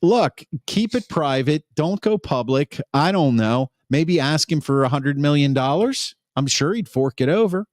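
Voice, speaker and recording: A man's voice: fairly high pitch, a little slow, hardly any pauses, no echo, studio quality. A man with a Pittsburgh accent co-hosting a podcast, talking bluntly and profanely in a casual, opinionated chat. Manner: blunt, profane, animated ranting. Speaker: podcast co-host.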